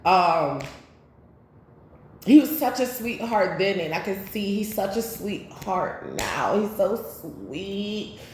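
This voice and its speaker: A woman's voice: mid-range voice, sing-song, slow pace. Woman tarot reader just chatting, cussing a lot, super echoey room, faint background hum. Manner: chatty, loose and profane, with sudden loud bursts. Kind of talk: casual spiritual reading and storytime.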